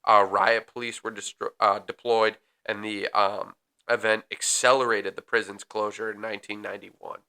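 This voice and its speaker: A man co-hosts a casual podcast and reads prison history from his notes, with plenty of filler ums. His voice sits fairly low but has a bright, forward edge, and he breaks off for offhand jokes. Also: level tone, normal speed, smooth. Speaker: podcast co-host.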